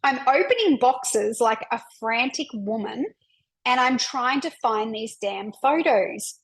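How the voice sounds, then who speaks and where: A woman's voice: on the high side, animated, takes it slowly, poor audio. A woman hosting a podcast, telling a personal story in an open, emotional way with lots of "like" fillers. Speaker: podcast host and women's coach.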